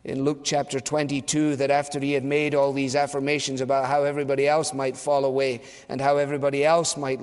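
A man preaching a sermon in an earnest, emphatic manner, repeating phrases and slowing down on key words. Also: mid-range voice, in a large hall.

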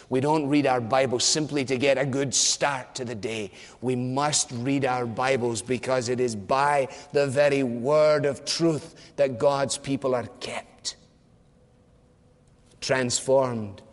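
A man preaching a sermon in an earnest, emphatic manner, repeating phrases and slowing down on key words. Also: medium pitch, long reverb tail.

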